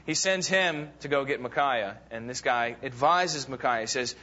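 A man's voice: medium pitch, expressive, normal speed, hardly any pauses, bright, forceful tone, a little hiss or hum. A man teaching a Bible class, casually retelling a story with fillers and acting out the quoted lines. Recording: dull lo-fi recording.

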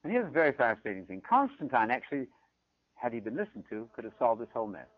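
A man's voice: medium pitch, fast, dry recording. A man from Britain, giving a theology lecture and often checking in with the audience. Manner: animated, often checks in with "right?". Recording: dull, dry lo-fi recording.

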